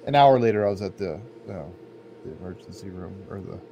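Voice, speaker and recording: This podcast co-host sits low in pitch and is animated and fast, with vocal fry and a warm tone. His casual stories wander in a laid-back way, heavy on "like," with faint noise behind him.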